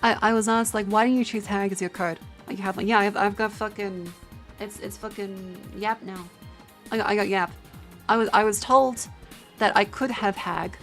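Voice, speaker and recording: A woman's voice: mid-range voice, steady tone, normal speed, a bit bright. A young Australian woman chatting casually on a livestream, tired, rambling and swearing with self-mocking banter. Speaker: streamer. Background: faint music.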